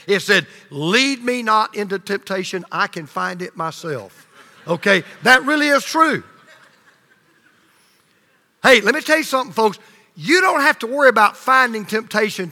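A male pastor preaching a sermon, swinging between loud emphasis and hushed low lines, leading the congregation in call and response. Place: church sanctuary. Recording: long reverb of a large hall.

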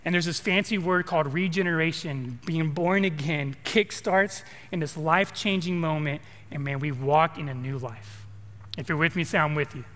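High, bright-voiced man preaching in a hall. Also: moderate pace. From California. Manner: conversational, repeats words, asks the congregation questions. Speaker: pastor. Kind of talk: sermon.

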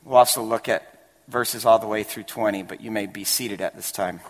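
A man's voice: fairly low pitch, normal speed, a little hiss or hum. A male pastor giving a sermon in a church, chatty and building to emphatic points. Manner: conversational, rising to emphatic. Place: church sanctuary. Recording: long hall reverb.

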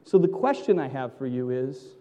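A male pastor preaching a sermon, emphatic and theatrical, swinging from loud to hushed. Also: mid-range voice, very animated, normal speed, long reverb tail.

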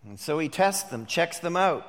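A pastor preaching a sermon, moving between hushed reflection and emphatic declarations. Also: male voice, fairly high pitch, big pitch swings, normal speed, long reverb tail.

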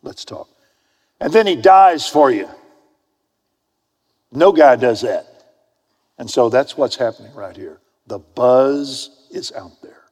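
Husky male preacher in reverberant hall. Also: mid-range voice, animated, slow, pauses often. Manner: storytelling, swings from loud emphasis to hushed whispers. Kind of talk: sermon with personal anecdote. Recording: long reverb of a large hall.

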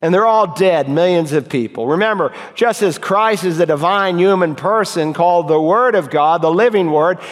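A pastor giving an emphatic sermon, his voice swinging between loud high calls and low quiet lines. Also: normal speed, hardly any pauses. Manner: emphatic preaching with sharp swings in pitch and loudness. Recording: long hall reverb.

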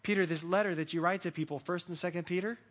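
A man's voice: high voice, fairly even intonation, quick pace, a bit bright. A man preaching a sermon as pastor, earnest and repeating words as he builds his points.

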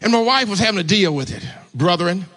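A man preaching with a high, bright, forceful voice. He tells a personal story in sermon style and keeps urging the congregation to answer him. His delivery is animated and breaks into sudden shouts. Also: a little fast, some chatter behind. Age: adult, married. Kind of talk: sermon testimony.

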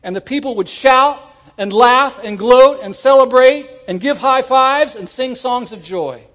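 A man preaching a sermon to his congregation, animated and rising at times to shouts. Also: very high voice, a little slow. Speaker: pastor. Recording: church sermon audio.

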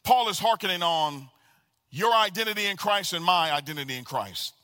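A man preaching a sermon as pastor, animated and calling out to the congregation for responses. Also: high-pitched, moderate pace. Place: church sanctuary. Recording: long reverb of a large hall.

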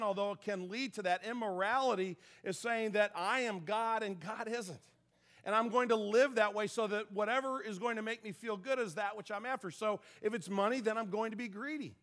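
Male pastor, high voice, relaxed chatty sermon with self-mocking asides. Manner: conversational, self-deprecating humor with restarts.

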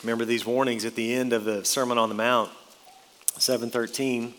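Brief: male pastor, mid-pitched voice, earnest sermon delivery with slow stressed key words, long hall reverb. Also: flat delivery, fairly bright tone, slight background noise. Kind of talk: sermon with scripture reading.

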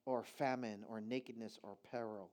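A man preaching a sermon emphatically, moving from low, quiet stretches into loud, raised passages. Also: fairly even intonation, moderate pace.

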